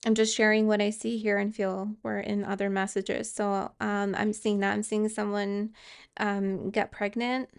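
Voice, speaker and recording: A woman's voice: medium pitch, little pitch movement, unhurried, gravelly, smooth. A woman giving a tarot card reading, speaking hesitantly with fillers and restarts and reassuring viewers directly. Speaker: tarot reader.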